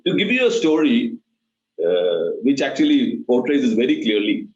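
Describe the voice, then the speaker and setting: A man's voice: medium pitch, big pitch swings, normal speed, slight background noise. A man teaching meditation, explaining steps through repeated analogies. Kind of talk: explanatory talk. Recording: roomy, dull lo-fi recording.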